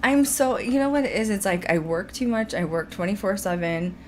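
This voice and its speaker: A woman's voice: mid-range voice, fairly quick, a little hiss or hum. A young adult woman hosting a paranormal podcast, chatting casually with many fillers and frequent laughter. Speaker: podcast host. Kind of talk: casual chat.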